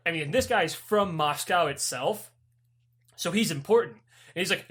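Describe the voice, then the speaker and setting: A young man co-hosting a casual podcast, telling stories in an animated, profane way and acting out the people in them. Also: on the high side, moderate pace, husky. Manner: profane, animated storytelling with voiced characters. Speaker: podcast co-host. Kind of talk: casual chat.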